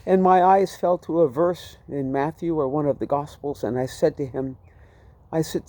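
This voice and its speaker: A man's voice: a little high, normal speed, dark tone, no echo. A man telling his personal testimony in a vivid, dramatic way. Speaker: storyteller giving his testimony.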